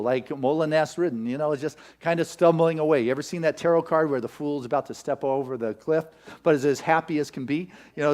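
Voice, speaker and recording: A male minister preaching a sermon, retelling a legend as a story and firing off rapid rhetorical questions. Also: on the high side, a little mellow.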